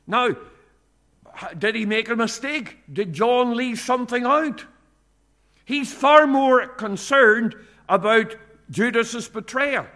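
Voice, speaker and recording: Middle-aged guy preaching, high bright voice, lots of uh's, punches the key points. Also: slow pace. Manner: earnest, rising emphasis on key points; frequent "uh" hesitations. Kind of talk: sermon.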